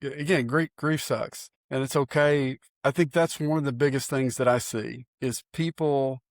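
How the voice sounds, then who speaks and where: A man, a pastor co-hosting a podcast, talking in an earnest, folksy, animated way with frequent restarts. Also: medium pitch, normal speed, no room sound, studio quality. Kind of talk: casual chat.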